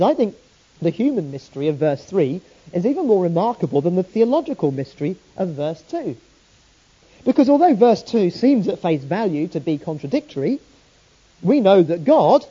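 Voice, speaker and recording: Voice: mid-range voice, dark tone, breathy edge. A preacher giving a sermon, telling the story with earnest rhetorical questions, on a dull lo-fi recording.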